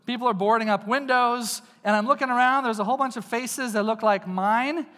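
High-voiced preacher in a reverberant hall. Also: male voice, brisk, pushed and bright. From East Texas. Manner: casual, jokey, addresses the crowd directly. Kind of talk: conversational sermon with personal stories. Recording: long reverb of a large hall.

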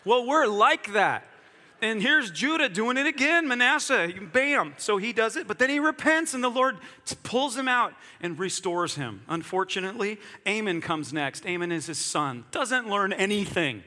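A man preaching a lively, conversational sermon, often poking fun at himself and asking his listeners questions. His voice sits high and sounds bright and forceful. It rings with a long reverb, like a large hall. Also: normal speed, few pauses. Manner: animated, self-deprecating, talks directly to the audience.

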